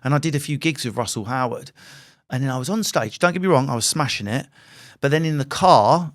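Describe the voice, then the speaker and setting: A man in his forties from England, a comedian guest telling lively anecdotes with plenty of swearing in a podcast interview. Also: medium pitch, fairly quick. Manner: animated, sweary anecdotal storyteller.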